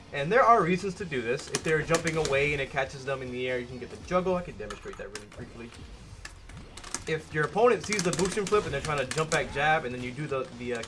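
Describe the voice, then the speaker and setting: A man giving a casual gameplay tutorial as a fighting game coach, talking conversationally and correcting himself as he demonstrates. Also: fairly high pitch.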